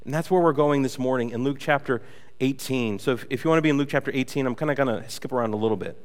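A man preaching a conversational sermon as a pastor, telling stories with playful, animated asides. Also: mid-range voice, fast, big-room sound.

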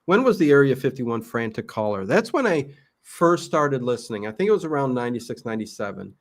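A man's voice: mid-range voice, sing-song, fairly quick. A man hosting a casual talk show, telling a story animatedly with many fillers. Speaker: podcast host. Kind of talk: casual chat.

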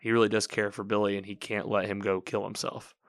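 A man's voice: fairly low pitch, level tone, brisk, dry recording, studio quality. A man casually recapping a TV episode, talking in a rambling way, correcting himself and quoting the characters as he goes.

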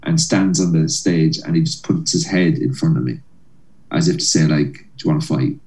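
A man's voice: rumbling low, normal speed, roomy sound, far from the mic, rough recording. A man with an Irish accent, a comedian telling a long story with lots of energy, acting out the people in it and laughing. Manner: animated storyteller, acts out voices and laughs. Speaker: comedian guest. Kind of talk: storytelling anecdote.

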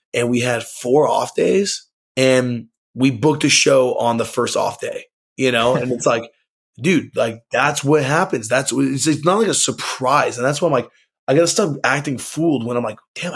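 A man's voice: medium pitch, animated, normal speed, creaky, husky. A young man from California, a band singer guesting on a podcast, talking in a laid-back slangy way full of "dude" and "like". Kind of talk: casual podcast conversation.

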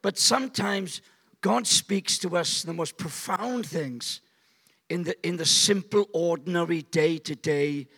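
A man in his seventies preaching at a church service, telling a family story in an animated, joking way. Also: fairly high pitch, a little slow, slightly rough. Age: 70s. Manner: animated, jokey, acts out voices. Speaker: guest pastor. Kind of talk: storytelling sermon.

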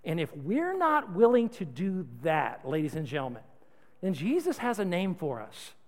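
Animated high-voiced male preacher. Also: normal speed, big-room sound. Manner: animated, conversational, humorous, exhorting. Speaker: pastor. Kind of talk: sermon.

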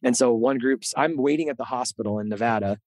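A fast-talking middle-aged man, himself a podcast host, tells his personal story during a candid interview, speaking earnestly and animatedly and repeating words as he backtracks. His voice is of typical male pitch, recorded on a close, dry mic without any echo or room sound.

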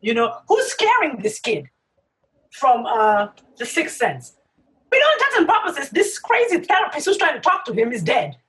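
A woman's voice: high-pitched, moderate pace, far from the mic, rough recording. A woman chatting casually and emphatically, acting out her reactions as she talks. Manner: animated, emphatic, acts out reactions. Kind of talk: casual chat.

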